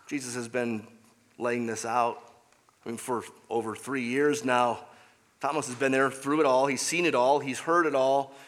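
A man's voice: a little high, bright, forceful tone, long reverb tail. A man preaching a sermon as pastor, emphatic and repeating key phrases for weight.

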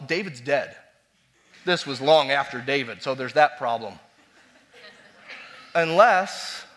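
Lively, bright-voiced male preacher. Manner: swings between loud emphatic repetitions and quiet low asides. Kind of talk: sermon.

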